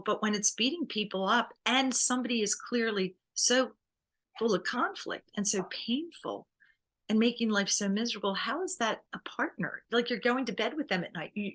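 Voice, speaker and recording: A woman divorce coach and private investigator in a conversational interview, animated and quick to laugh. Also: fairly high pitch. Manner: animated, laughs often, acts out client quotes.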